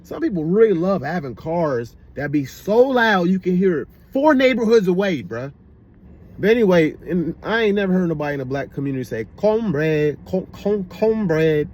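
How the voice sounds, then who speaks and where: With a high-pitched, very animated voice and a slightly fast pace, a man with a Washington DC-area accent rambles through casual commentary, full of repeated fillers and frequent "you know what I mean?" A loud car passes outside.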